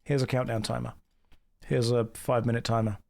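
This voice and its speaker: Streaming a game from a warm indoor room, a young man gives casual live commentary full of dry, sarcastic running jokes. His voice is medium-pitched, level and brisk, with vocal fry.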